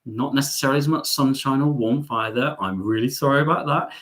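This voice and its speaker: A man's voice: medium pitch, brisk, a bit bright. A middle-aged man hosting a live stream, chatting casually as he reads out viewer comments, with sarcastic, self-mocking asides and lots of ums.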